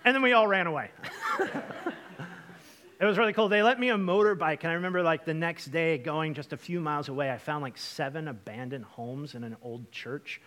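A young man from Washington state preaching a storytelling sermon, chatty and lively, with lots of fillers and asides to the congregation. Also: a little high, a little fast. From Washington state, USA. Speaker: pastor.

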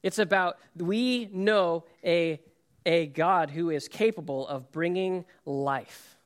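A man giving a sermon as pastor, reading scripture and then speaking earnestly, dropping to soft, quiet phrases and building to emphatic points. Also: on the high side, takes it slowly.

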